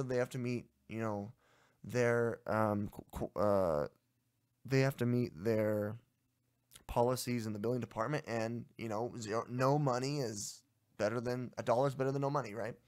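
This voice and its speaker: A man's voice: medium pitch, moderate pace. A young adult man co-hosting a casual podcast, telling a story in an exasperated, ranting way. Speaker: podcast co-host.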